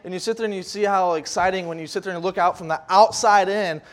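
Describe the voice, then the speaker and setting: A man's voice: high voice, fast talker. A man giving a loose, conversational sermon as a youth leader, acting out the voices of scoffers. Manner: animated, acts out voices of scoffers; loose, conversational preaching with fillers and restarts.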